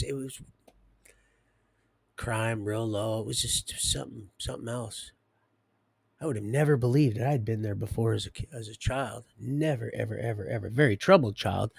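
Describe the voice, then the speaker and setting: A middle-aged man spins his life story on a live stream in a loose, folksy ramble, doubling back and chuckling to himself. His voice has a gravelly edge and sits right up on a dry desk mic. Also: mid-range voice, dry recording. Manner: meandering, folksy, trails off and restarts, chuckles to himself.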